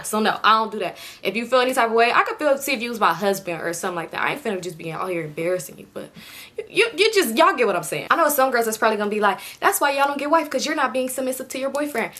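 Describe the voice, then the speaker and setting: Young woman spilling a storytime, blunt and slangy, bright fast voice. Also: medium pitch. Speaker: storytime vlogger. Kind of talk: casual storytime chat.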